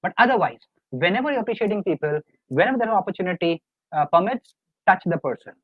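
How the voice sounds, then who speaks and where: Tinny high-voiced man coaching online. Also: animated, quick pace, breathy edge, no echo. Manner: earnest, repetitive, coaxing the audience. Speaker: life coach presenting a webinar. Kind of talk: live webinar lecture. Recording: dry, tinny phone-like online call audio.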